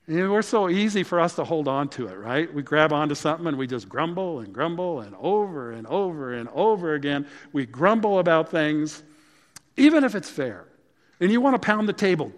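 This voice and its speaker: A man preaching a sermon as pastor, talking in a conversational way and breaking into emphatic, louder bursts. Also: a little high, animated, a little fast, big-room sound.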